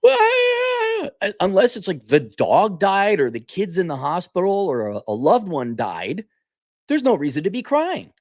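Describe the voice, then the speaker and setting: A man hosting a casual opinion monologue, blunt and animated, often restarting his sentences. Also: on the high side, moderate pace, dry recording, studio quality. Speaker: podcast host.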